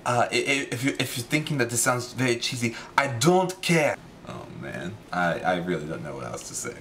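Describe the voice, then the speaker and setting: Man doing a mock-Polish deadpan young guy. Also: very deep voice, a little fast, creaky, slight background noise, voice pushed down, heavily acted. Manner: deadpan, hesitant, repeats a dismissive catchphrase. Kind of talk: comedic impression vlog.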